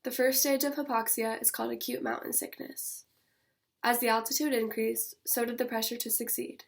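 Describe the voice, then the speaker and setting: A young woman, an author, reading her own fiction aloud in a measured, steady first-person voice. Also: on the high side, vocal fry.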